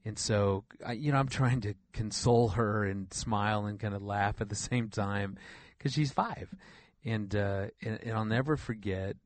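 A man's voice: lowish voice, steady tone, normal speed, no room sound. A middle-aged man who is a regular guest on a Christian radio show, telling stories earnestly and often repeating words as he thinks. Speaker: regular guest, relationship counselor. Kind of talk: radio interview, storytelling.

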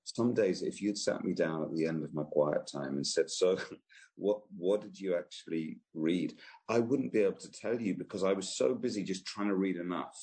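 A man, an author answering interview questions in a gentle, unhurried way with frequent restarts. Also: low-pitched. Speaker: author and guest.

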